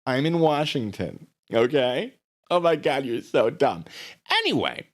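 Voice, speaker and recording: Sarcastic man hosting a livestream. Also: a little slow. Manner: mocking, sarcastic; lively, swinging pitch. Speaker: livestream host. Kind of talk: livestream commentary.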